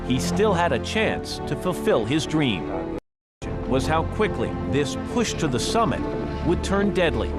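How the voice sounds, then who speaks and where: Male news narrator, slightly high voice, measured and grave, music underneath. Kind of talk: scripted documentary narration.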